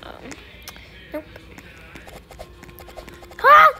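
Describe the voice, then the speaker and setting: A woman's voice: high-pitched, lively intonation, slow, long pauses. A woman giving casual gaming commentary, giggling often and squealing when startled. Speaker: gamer.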